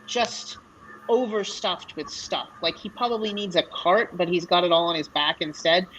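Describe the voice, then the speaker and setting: A woman's voice: lowish voice, normal speed, a little hiss or hum, low-quality recording. Easygoing woman narrating a tabletop game. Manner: relaxed, filler-heavy narration. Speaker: dungeon master.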